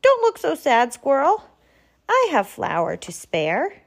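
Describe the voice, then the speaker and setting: A kind, generous porcupine from a storybook, put on by a woman reading aloud, bright, friendly and lilting. Her voice sits higher than the reader's own, with lively swings up and down. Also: slow pace, gravelly, heavily acted.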